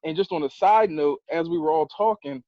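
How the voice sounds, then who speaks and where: A man chatting excitedly and emotionally on a group video call, laughing often. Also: on the high side, fairly quick, no echo, highs cut off. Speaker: guest on a spirituality call.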